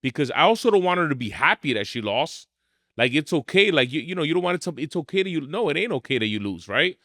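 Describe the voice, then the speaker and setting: A man's voice: a little high, very animated, fast, sharp tone, no echo, clean studio sound. A middle-aged man, a martial arts school owner telling blunt, emphatic stories in a podcast interview.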